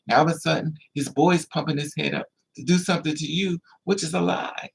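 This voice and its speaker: A man telling a story in an animated vlog monologue, acting out other people's lines with emphatic repetition. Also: fairly high pitch, brisk, creaky, hardly any pauses, husky. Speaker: vlogger.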